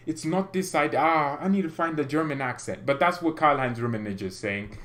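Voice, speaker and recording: A man hosting a football fan livestream, talking in a rambling, excitable way with lots of restarts. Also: mid-range voice, fairly quick. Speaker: fan channel host.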